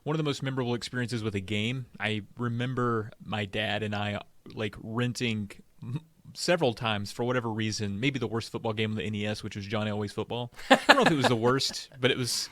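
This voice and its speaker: A man's voice: lowish voice, a little fast, bright, forceful tone, no room sound. A man co-hosting a casual podcast, telling stories in an easygoing way and laughing often. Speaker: podcast co-host. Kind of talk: casual storytelling chat.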